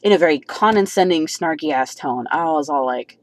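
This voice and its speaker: Woman vlogger, low-pitched, agitated, profane and rambling. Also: animated, moderate pace. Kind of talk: venting personal story.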